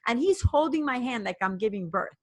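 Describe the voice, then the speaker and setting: A woman coach as a podcast guest, retelling a personal story with rushed restarts and quoted dialogue. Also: on the high side, animated, no room sound. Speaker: guest, women's performance coach.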